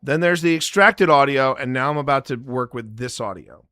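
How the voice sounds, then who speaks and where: A man's voice: medium pitch, moderate pace, sharp tone, clear, resonant tone, no echo, clean studio sound. A man hosting a live stream, explaining his editing method in a rambling, jokey way and talking straight to the chat. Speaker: paranormal investigator and live stream host.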